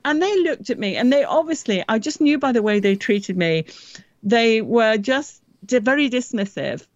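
A middle-aged woman, a guest telling lively, self-deprecating anecdotes in casual chat. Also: fairly high pitch, normal speed, dry recording. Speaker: guest space journalist. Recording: dry, slightly dull lo-fi audio.

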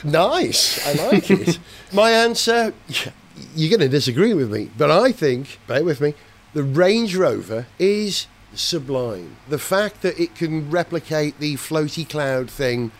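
A man's voice: a little high, expressive, takes it slowly, a little hiss or hum. A man hosting a casual podcast discussion, quizzing his co-hosts with playful asides. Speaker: host.

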